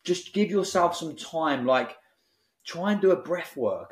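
A man's voice: on the high side, expressive, normal speed. Blunt man, echoey room. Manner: blunt, forceful, preachy motivational talk. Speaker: app founder guest. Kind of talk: podcast interview. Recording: roomy echo.

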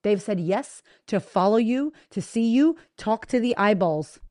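A woman hosting a podcast in a casual motivational monologue, blunt and profane, talking straight to her listeners with energetic emphasis. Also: mid-range voice, measured pace, no room sound, clean studio sound. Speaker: podcast host and business coach.

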